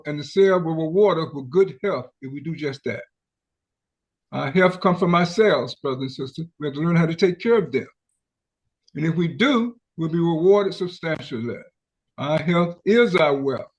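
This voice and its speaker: A male radio host with a slightly high voice delivers his health show in a preacherly manner. He keeps turning to his listeners as brothers and sisters. He talks into a studio microphone.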